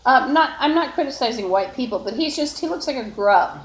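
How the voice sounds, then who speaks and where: A woman's voice: sits high, lively intonation, fairly quick. Rambling woman in an echoey room. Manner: meandering, with frequent fillers and restarts. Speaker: livestreamer. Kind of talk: rambling solo live stream. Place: indoors in an apartment. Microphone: phone.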